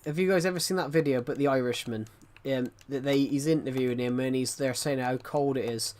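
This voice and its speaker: A man's voice: medium pitch, fairly quick, darkish tone. A man chatting casually on a livestream, rambling and restarting his sentences as he talks to viewers.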